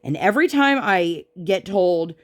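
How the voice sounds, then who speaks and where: Fed-up woman, lower voice, rants while doing crafts, chatty. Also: expressive, a little slow. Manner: frustrated, venting retelling of an argument. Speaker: crafting vlogger. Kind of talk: casual chat while crafting.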